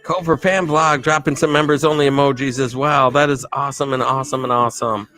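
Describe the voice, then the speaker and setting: A man hosting a live stream, giving rambling, enthusiastic shout-outs to viewers. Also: mid-range voice, steady tone, brisk. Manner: enthusiastic, rambling, repeats himself. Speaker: livestream host. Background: faint music.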